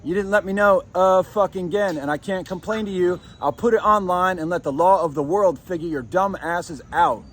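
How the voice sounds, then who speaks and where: A man's voice: sits high, moderate pace, few pauses. A man recording himself on a phone in a shared apartment, ranting angrily with lots of swearing. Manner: profane, heated and confrontational. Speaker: vlogger. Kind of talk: angry ranting vlog.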